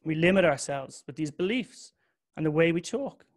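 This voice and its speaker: A young man speaks openly to an audience in a slightly higher-than-usual voice. His talk is frank and confessional, with casual swearing. The delivery is personal and direct. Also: lively intonation, moderate pace.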